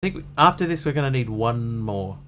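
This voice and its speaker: A man's voice: medium pitch, lively intonation, fairly quick, fairly bright tone, a little hiss or hum. A man streaming a game, talking through what he is doing in a rambling, thinking-aloud way with plenty of fillers. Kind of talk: casual gameplay commentary.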